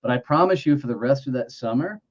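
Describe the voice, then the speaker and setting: A man's voice: medium pitch, fast. A middle-aged man from Texas, a former Marine guest telling stories with salty language and acted-out dialogue. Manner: animated storyteller who acts out dialogue, salty language. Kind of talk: casual storytelling interview. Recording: dull lo-fi sound.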